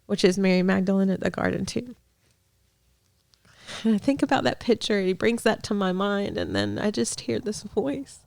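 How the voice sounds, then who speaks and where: A young adult woman sharing a heartfelt faith testimony as a guest in a conversation, earnest, with soft laughs and restarts. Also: mid-range voice, sing-song, normal speed, vocal fry, no echo, clean studio sound. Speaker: podcast guest, ministry director.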